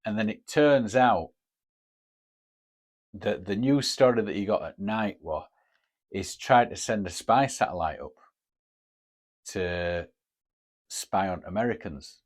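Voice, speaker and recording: A man talks in a casual, rambling monologue, cursing freely as he goes. His voice sits on the low side, and he takes his time, drawing his words out slowly. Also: expressive. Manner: rambling, sweary storytelling. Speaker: podcast host. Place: home in Japan.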